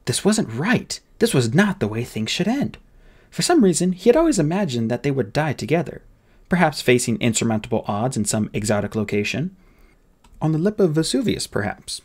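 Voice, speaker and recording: A man reading an audiobook aloud with expressive, dramatic narration. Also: medium pitch, slightly rough.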